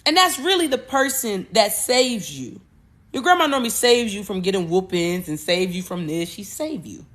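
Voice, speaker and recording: A woman hosting a podcast, talking casually and expressively with rambling asides and sudden loud bursts. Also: a little high. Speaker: podcast host. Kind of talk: casual spiritual talk.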